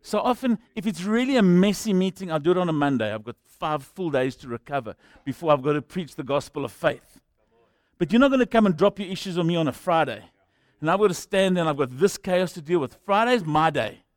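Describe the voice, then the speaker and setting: A pastor preaching a sermon in an animated, rhetorical way, with humorous asides. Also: male voice, a little high, fairly quick, no room sound.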